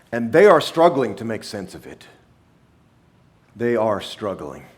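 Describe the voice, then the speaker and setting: Man, pastor, sermon, slow deliberate pace, emphatic repetition. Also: mid-range voice. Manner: emphatic, repeats key phrases for weight. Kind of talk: sermon with scripture reading.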